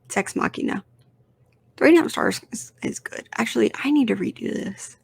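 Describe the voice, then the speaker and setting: A woman's voice: on the high side, animated, fairly quick, vocal fry, husky. A young woman hosting a casual solo podcast, talking bluntly and with lots of swearing as she rambles through her opinions. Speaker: podcast host.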